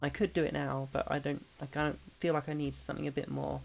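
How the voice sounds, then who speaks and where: Woman, low pitch, gravelly, rambling casual stream chat, faint music behind. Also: little pitch movement, fast, a little hiss or hum. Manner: rambling, many fillers and restarts. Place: home streaming setup.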